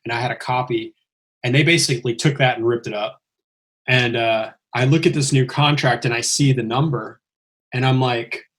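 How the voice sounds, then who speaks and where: Man, podcast storyteller, animated, acts out quotes, mid-pitched voice. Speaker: stuntman telling his story.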